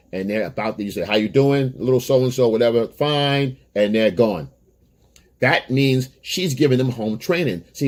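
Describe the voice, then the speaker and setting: A man's voice: medium pitch, a little mellow. Blunt man lecturing on dating. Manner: blunt, emphatic, lectures and repeats himself. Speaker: dating coach. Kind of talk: direct-to-camera advice monologue.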